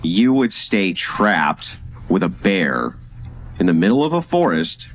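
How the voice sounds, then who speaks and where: A man's voice: low-pitched, sing-song, slow pace, slight background noise. A man cross-examining a guest with pressing, logical questions in a debate. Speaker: debate host.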